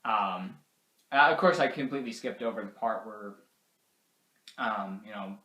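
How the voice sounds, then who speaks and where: A man's voice: lowish voice, a little slow, sharp tone. A man casually recapping a movie in a rambling way, full of fillers, now and then putting on character voices. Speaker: movie reviewer. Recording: roomy echo.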